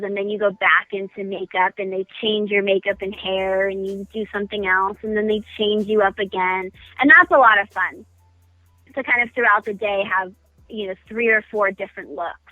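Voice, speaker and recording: A woman's voice: mid-range voice, steady tone, moderate pace, no room sound, phone-quality sound, faint music behind. A woman guest chatting casually in a phone-in radio interview, self-deprecating and full of ums. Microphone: phone call.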